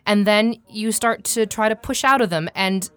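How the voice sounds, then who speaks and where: A woman who works as a voiceover artist, talking in a casual podcast interview, animated and playful, laughing often. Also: mid-range voice, normal speed, clean tone, dry recording. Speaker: voiceover artist and voice coach guest.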